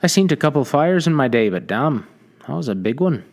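A man's voice: on the high side, sing-song, a little fast, pitched above the performer's own voice. A man voicing a jovial, mustached frontier trader with a hearty, folksy way of talking. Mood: friendly. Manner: hearty, folksy drawl, chuckling. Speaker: trading post owner.

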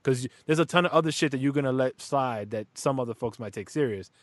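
A man's voice: medium pitch, fast, no room sound. A man who is a father, telling stories in a rambling, profane, casual chat. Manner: rambling, profane, animated storytelling. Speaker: podcast host and father.

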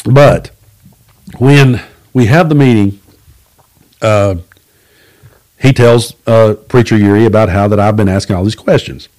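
In a casual storytelling monologue on his own podcast, a Southeast Kentucky man speaks unhurriedly with a fairly low pitch and long pauses. Folksy and blunt, he curses without hesitation and acts out the voices of anyone he quotes.

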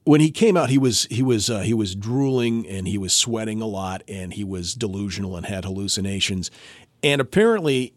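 A man's voice: lowish voice, no echo. A man co-hosting a podcast, telling a story in casual chat and acting out the quotes. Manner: animated, acts out quoted voices. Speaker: podcast co-host.

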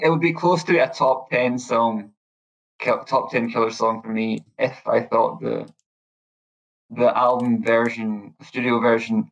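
A man's gravelly voice comes through as a podcast guest. He speaks hesitantly and thoughtfully, pausing with fillers as he weighs his views. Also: mid-range voice, highs cut off. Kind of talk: casual podcast chat.

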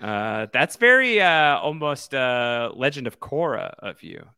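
A man co-hosting a podcast, chatting casually about a video game and talking in a halting way with many fillers. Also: medium pitch, sing-song, pushed and bright, clean tone, dry recording, clean studio sound. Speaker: podcast co-host.

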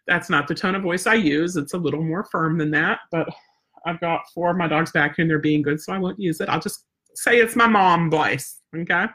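Her voice is fairly low, a bit bright and slightly rough, and she moves briskly. The woman, a dog trainer, teaches on a live stream in a chatty, plain-spoken way, ending points with "right?" or "okay?" and holding firm on follow-through.

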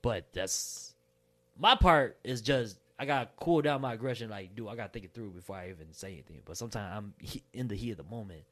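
A man's voice: fairly low pitch, animated, brisk. A young man and father in casual podcast chat, laid-back and slangy, swearing freely.

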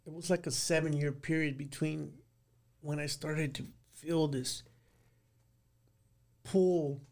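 A man's voice: on the high side, steady tone, slow pace, creaky, a little mellow. A middle-aged man recounting his life in a casual interview, plain-spoken and rambling, with many restarts. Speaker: guest recounting prison life.

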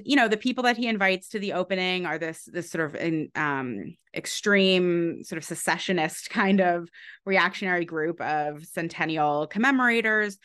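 A woman with a fairly low voice answers an interview question at length, as a historian. She keeps an easy, conversational tone and slips in light laughs as she builds her explanation. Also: clean tone. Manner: relaxed, laughs lightly between points. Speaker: author and historian.

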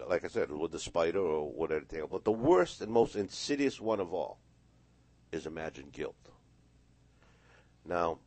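A hypnotist appears as a guest on a radio interview, a man with a low, darkish voice who tells stories and acts out the voices within them. The recording from the radio studio is dry.

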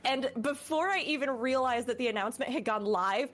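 A woman's voice: sits high, a little fast, fairly bright tone, soft background music. A woman guest on a casual podcast chat, effusive and earnest, with some teasing. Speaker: podcast guest and content creator.

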